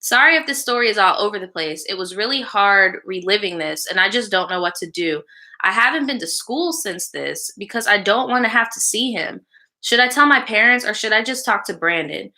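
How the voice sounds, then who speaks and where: Brisk and lively in intonation, a woman with a medium-pitched, pushed, bright voice hosts a live show. She reads a viewer's story aloud before giving casual, blunt advice laced with slang and frequent swearing, answering live viewers between lines.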